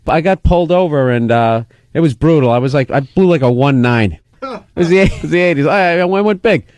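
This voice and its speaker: A man's voice: a little high, fairly quick, no room sound. A man in his forties, a comedian guest on a radio show, telling a story in casual chat and acting out the people in it. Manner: animated, acts out the other people in his story. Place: radio studio.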